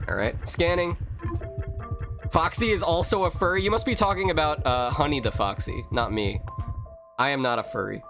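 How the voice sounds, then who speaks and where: A man streaming a horror game live, rambling and reacting loudly, chatting with viewers as he plays. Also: mid-range voice. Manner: animated, rambling, reading chat, exclamatory. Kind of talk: casual live-stream commentary.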